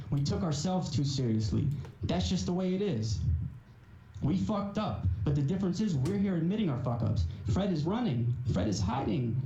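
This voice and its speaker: A man's voice: high voice, dark tone. A man delivering an angry, profane callout rant on a livestream, confrontational and repeating his points with rising emphasis. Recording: muffled, roomy echo, faint hiss.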